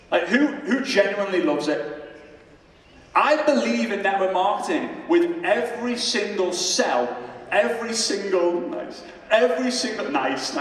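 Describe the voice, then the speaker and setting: A young man tells a story from a conference stage, throwing himself into the voices of his own past. His voice sits a little high, and it is picked up from a distance. A long, booming reverb from the large congress hall surrounds every word. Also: slight background noise. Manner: animated storyteller, acts out voices in quotes. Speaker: motivational speaker. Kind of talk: storytelling keynote speech on stage. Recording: echoey hall mic from far off.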